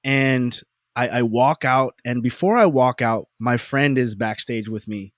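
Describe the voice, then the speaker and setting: A dad spins a casual conversational story on a laid-back podcast, keeping a measured pace while staying animated, repeating phrases emphatically and joking at his own expense. His voice sits at a typical male middle pitch, captured close and dry with no echo.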